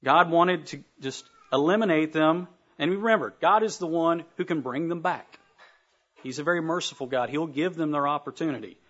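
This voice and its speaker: A man's voice: fairly high pitch, normal speed, fairly bright tone, muffled recording. A man preaching a sermon, reading Bible verses aloud and breaking off to talk directly to his listeners. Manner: reads verses aloud with emphatic asides to the congregation.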